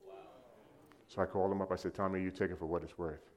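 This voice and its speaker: A middle-aged man delivers a sermon in a deep, low voice. He tells a personal story, calling out loudly to the congregation one moment and dropping to a hushed tone the next. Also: flat delivery, fast talker. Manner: storytelling with shifts from loud to hushed. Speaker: preacher.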